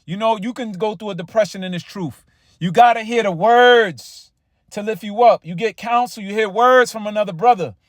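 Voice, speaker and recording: A man with a high voice delivers a casual sermon, reading scripture lines slowly and with weight, then talking them through. His speech is loose and stumbling, full of "all right" and repeated words. The sound is close and dry, with no room around it. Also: dry recording. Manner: reads scripture slowly and with emphasis. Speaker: preacher.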